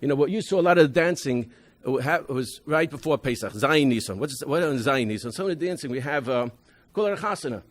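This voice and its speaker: Expressive and a little fast, a medium-pitched man delivers a convention talk as a rabbi presenting his school program. He tells emphatic stories about his students with many restarts, mixing in Hebrew and Yiddish vocabulary.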